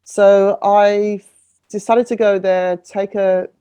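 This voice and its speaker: Earnest woman, soft dark voice. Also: mid-range voice, level tone, slow, clear, resonant tone. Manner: earnest storytelling with frequent restarts and stammers. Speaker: singer-songwriter and refugee advocate, podcast guest. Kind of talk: conversational podcast interview.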